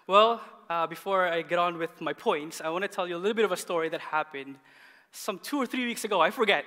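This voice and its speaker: A man in his thirties preaching a sermon as pastor, animated and often laughing as he tells a story. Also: high voice, quick pace. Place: church hall. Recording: long church hall reverb.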